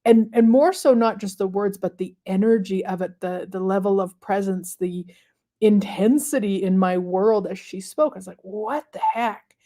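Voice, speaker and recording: A woman hosting a live stream, talking casually and reflectively to viewers with many pauses and fillers. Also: mid-range voice, dark tone. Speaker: host of a manifestation livestream.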